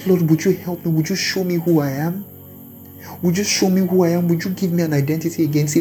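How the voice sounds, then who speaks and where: A man's voice: on the high side, mellow. A man preaching a sermon and leading listeners in earnest, pleading prayer. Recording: faint music behind.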